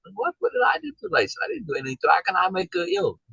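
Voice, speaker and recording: Rambling man with a husky voice. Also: sits high, huge pitch swings, racing, sharp tone, no room sound, lo-fi sound. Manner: rambling, with many restarts and tag questions like "right?"; acts out quoted exchanges in a raised voice. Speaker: discussion group leader. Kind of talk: casual storytelling in a group discussion.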